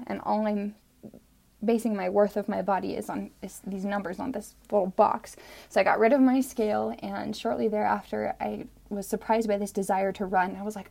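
Gravelly, husky woman reading her own poem. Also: mid-range voice, dark tone. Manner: earnest, drops to whispers in the poem. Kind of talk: personal story and spoken-word poem.

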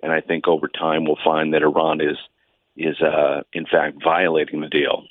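Low-voiced man on a tinny phone line. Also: completely flat delivery, normal speed, no room sound. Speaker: guest analyst. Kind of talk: phone-in interview.

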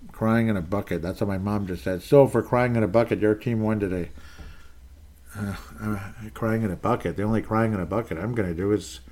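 A man giving a casual fan rant about his team, exasperated and sarcastic, swinging between loud outbursts and low muttering. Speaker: sports fan commentator.

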